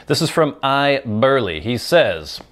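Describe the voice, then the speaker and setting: A man's voice: mid-range voice, sing-song, a little slow. A man from the Pacific Northwest hosting his show, chatting casually and self-deprecatingly while smoking a pipe. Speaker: host.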